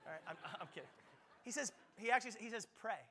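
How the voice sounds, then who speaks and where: A male pastor preaching a lively sermon at a church service, playful and joking with frequent quick restarts. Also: high voice. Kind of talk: lively sermon with audience play.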